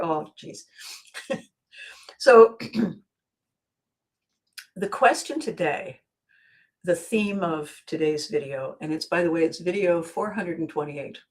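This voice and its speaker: A woman with a low-leaning voice hosts a live motivational video, speaking slowly and pausing often. She's earnest, frequently repeats a word when restarting a sentence, and greets viewers by name.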